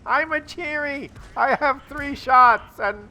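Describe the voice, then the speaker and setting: A man's voice: extremely high pitch, slow pace, bright, forceful tone, voice pushed up, full character voice. A man voicing a boastful talking Japanese tank in a gleeful first-person mock voice.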